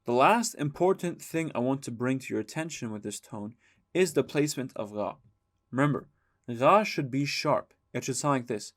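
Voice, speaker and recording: A man teaching a music lesson, explaining calmly and singing short chanted examples. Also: mid-range voice, normal speed. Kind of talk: spoken lesson with sung demonstrations.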